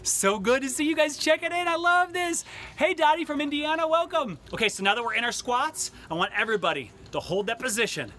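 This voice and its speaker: A man's voice: very high-pitched, lively intonation, brisk, sharp tone. A man leading a live-streamed workout class, upbeat and cheery, cracking puns between exercise cues. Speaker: fitness instructor. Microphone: camera mic he adjusts.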